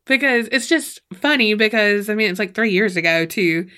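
A woman's voice: mid-range voice, animated, normal speed, bright, forceful tone. A woman co-hosting a podcast in casual chat, rambling, giggly and swearing freely. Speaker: podcast co-host.

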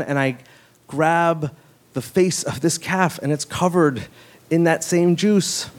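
A man with a slightly raised pitch tells a live story in a loose, conversational way. He keeps stopping to throw in "like" and quick asides, so the telling stays casual and chatty.

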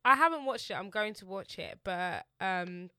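A woman's voice: medium pitch, expressive, normal speed, pushed and bright, clean tone, no room sound, clean studio sound. A young woman, co-hosting a podcast, gossiping in rambling slang. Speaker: podcast co-host. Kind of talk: casual chat.

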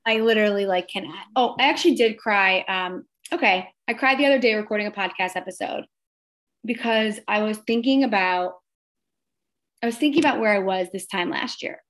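A woman's voice: mid-range voice, a little fast, a bit bright. A woman who is a guest on a podcast, chatting casually and filling her talk with "like". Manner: chatty, fills speech with "like". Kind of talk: casual chat.

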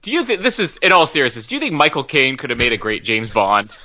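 A man's voice: medium pitch, lively intonation, fast, pushed and bright. A man co-hosting a podcast, talking casually and bluntly through a film commentary with lots of laughing. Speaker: podcast co-host.

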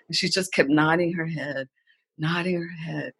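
Woman guest on a podcast telling her story, bright but kinda husky voice, animated and emotional, lots of "like" and "you know". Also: fairly low pitch, fairly quick. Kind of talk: personal storytelling in a podcast interview.

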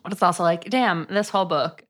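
A woman's voice: fairly low pitch, a little fast. A woman co-hosting a podcast, talking over a book in a casual, dry and offhand way, with some swearing. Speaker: podcast co-host. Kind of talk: casual book review chat.

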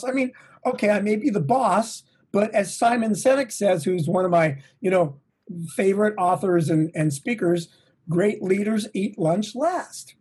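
A middle-aged man, a touring drummer, talking as an interview guest in an energetic, motivational way, swearing now and then. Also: high voice, unhurried, husky. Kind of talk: casual interview. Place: home, at a desk.

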